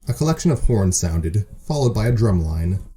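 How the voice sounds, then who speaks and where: A man's voice: lowish voice, big pitch swings, moderate pace, warm tone. A man hosting a story show and narrating a fan story, with dry, self-mocking humor. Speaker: host and narrator.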